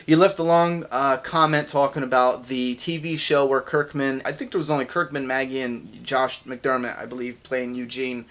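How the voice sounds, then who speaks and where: A man hosting a casual fan Q&A video, talking in an excited, rambling way with quick asides. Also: mid-range voice. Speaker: channel host answering viewer questions.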